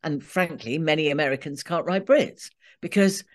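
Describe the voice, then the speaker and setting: A middle-aged British woman with a lowish voice talks shop in a relaxed, animated chat. She is an audiobook narrator, quick to laugh and to slip into mock voices. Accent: British English. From Britain. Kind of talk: casual chat.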